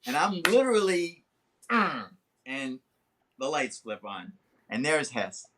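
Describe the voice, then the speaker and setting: A man in his seventies, a guest telling a long, animated story in an interview, swearing freely. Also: takes it slowly. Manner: animated, swearing, acts out quotes with big pitch jumps. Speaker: guest actor. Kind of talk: anecdotal storytelling in a podcast interview.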